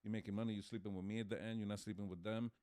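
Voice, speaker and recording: A man's voice: fairly low pitch, level tone, very fast, a little mellow, no echo. A man co-hosting a casual podcast chat, hesitant and full of restarts, ums and laughter. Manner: laughs while telling stories. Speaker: podcast co-host.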